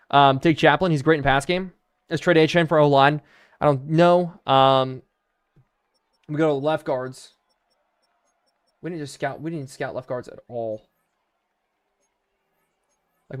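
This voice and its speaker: A man's voice: on the high side, clean tone. A young man live-streaming a video game, chatting to viewers and thinking aloud as he plays.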